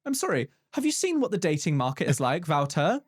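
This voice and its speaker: A man's voice: on the high side, sing-song, brisk, slightly rough, dry recording, studio quality. A man co-hosting a comedy podcast, reading out a listener letter with camp, playful, teasing banter. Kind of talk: casual comedy podcast chat.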